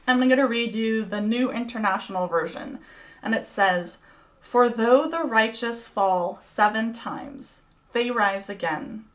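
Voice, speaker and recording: A middle-aged woman speaks at a college vespers service in a relaxed devotional talk. She sounds chatty and encouraging, with plenty of ums and likes, at a mid pitch. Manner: warm, chatty and encouraging, with many fillers.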